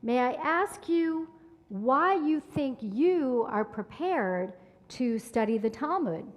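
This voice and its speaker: A woman voicing a patient, wise older male rabbi who questions calmly. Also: sits high, slow pace, in a large hall.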